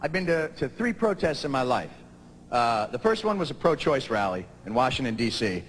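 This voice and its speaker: A man, doing a stand-up comedy routine and rising to shouted punchlines. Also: medium pitch, sing-song, moderate pace, slight background noise. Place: large theater stage before a live audience. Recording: long hall reverb, audible audience.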